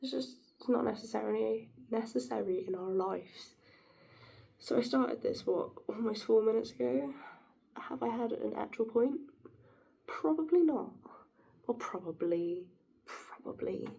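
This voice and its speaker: A woman's voice: on the high side, unhurried, gravelly, warm tone, breathy edge. A woman talking to camera in a rambling, giggly monologue, musing philosophically and drifting off her point. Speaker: vlogger.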